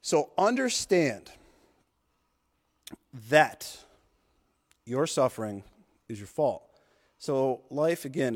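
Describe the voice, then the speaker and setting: A man in his thirties hosting a podcast, delivering an intense, profane motivational monologue. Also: medium pitch. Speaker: podcast host. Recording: long hall reverb.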